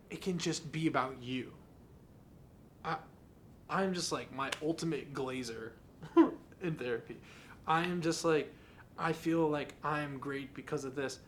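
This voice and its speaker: A man's voice: on the high side, animated, a little slow, pauses often, slight background noise. A young adult man hosting a podcast, talking in an earnest, candid and confessional way in a casual monologue. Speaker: podcast host.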